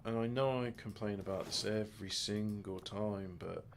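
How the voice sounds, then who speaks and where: A man's voice: lowish voice, fairly even intonation, normal speed, creaky, a little hiss or hum. A man giving rambling, joking let's-play commentary, muttering asides and mocking himself as he sets up his game. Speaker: gaming video host.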